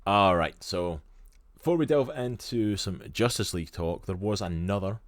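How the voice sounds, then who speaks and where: A Scottish man with a very deep voice co-hosts a live stream in casual chat. He talks in an eager, rambling way, and the sound is close and dry. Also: normal speed, no room sound. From Scotland. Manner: chatty and enthusiastic, with lots of "literally" and "like". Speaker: stream co-host.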